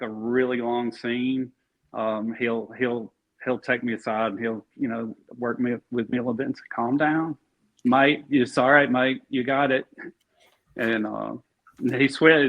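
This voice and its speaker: A man being interviewed as an actor, talking easily and rambling with many fillers and restarts. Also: mid-range voice. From Alabama. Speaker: actor guest. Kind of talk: casual interview chat. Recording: dull lo-fi sound.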